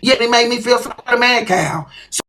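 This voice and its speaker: A woman's voice: on the high side, fairly quick, fairly bright tone. A woman hosting a livestream, talking bluntly and profanely to her viewers in a confrontational rant. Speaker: livestream host.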